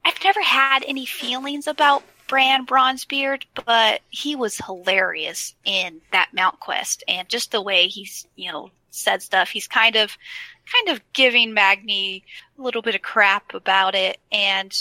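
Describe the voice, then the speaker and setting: A woman's voice: medium pitch, fairly even intonation, measured pace, pushed and bright, dry recording, rough recording. A woman co-hosting a casual gaming chat, recapping a quest with enthusiastic storytelling.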